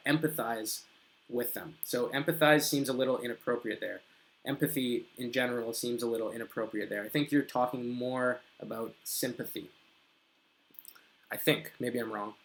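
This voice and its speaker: A man with a mid-range voice teaches a live English grammar lesson, reading viewers' comments aloud, correcting them, and slowly drawing out his example sentences.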